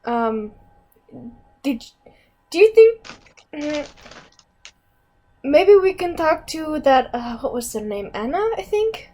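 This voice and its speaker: A woman's voice: high voice, sing-song, slow pace, long pauses, warm tone, heavily acted. A woman voicing a hesitant adventurer with half-remembered book learning, rambling with fillers.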